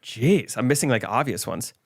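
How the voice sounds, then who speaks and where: A man co-hosting a podcast, answering quiz questions with dry, deadpan jokes in casual banter. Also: medium pitch, moderate pace. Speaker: podcast co-host.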